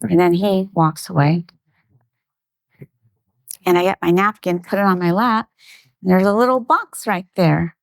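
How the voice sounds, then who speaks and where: A middle-aged woman, a guest on a talk show, telling a personal anecdote in lively detail and acting out the voices of the people in it. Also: fairly low pitch, measured pace, gravelly, pauses often, no room sound. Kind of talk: storytelling in a conversation.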